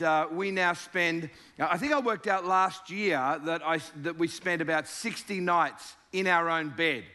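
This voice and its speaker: A man's voice: a little high, pushed and bright. An Australian man in his fifties, a guest preacher giving a jovial, joking sermon to a church crowd.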